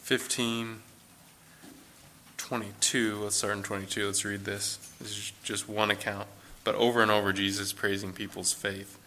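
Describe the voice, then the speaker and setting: A man's voice: fairly low pitch, flat delivery, normal speed, sharp tone, a little hiss or hum. A man teaching a Bible study in a loose, conversational way, thinking aloud as he reads and explains passages.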